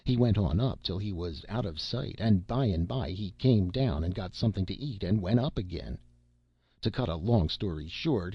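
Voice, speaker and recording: A man's voice: on the low side, creaky, slightly rough, dry recording, muffled recording. A man reading a classic satire aloud in a folksy first-person storytelling manner with rustic grammar. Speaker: narrator.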